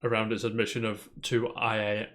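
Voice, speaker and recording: Guy hosting a gaming news chat, lowish voice, rambles a lot and keeps saying mate. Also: completely flat delivery, a little fast, a bit bright. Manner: chatty, rambling, peppers talk with "mate". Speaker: podcast co-host.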